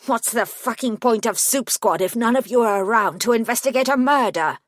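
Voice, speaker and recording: A woman voicing a prickly male gremlin solicitor who talks in a sharp, scornful, clipped way. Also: medium pitch, animated, a little slow, dry recording, studio quality, voice pushed up, natural voice. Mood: angry.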